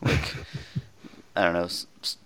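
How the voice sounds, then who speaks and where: A man chatting casually about video games, relaxed and quick to laugh. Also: no echo.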